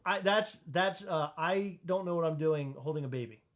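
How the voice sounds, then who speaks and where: Man, podcast co-host, casual chat, loud, joking, teasing. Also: fairly high pitch, moderate pace, crowd noise.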